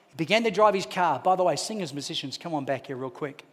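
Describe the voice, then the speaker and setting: A man preaching a sermon, telling a personal story animatedly, dropping to hushed tones and rising to shouts. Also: fairly high pitch, animated, fast. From Australia. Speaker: pastor. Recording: long hall reverb.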